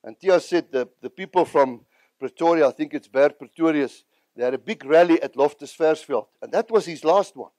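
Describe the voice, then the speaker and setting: With a high, light voice and a darkish tone, a South African evangelist recounts his personal testimony with earnest feeling at a moderate pace. The recording is close and dry, without any room echo.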